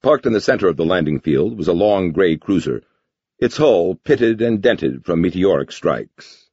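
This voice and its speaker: A man narrating an audiobook with lively, expressive storytelling in a dull lo-fi recording. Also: low-pitched, normal speed, husky, no echo.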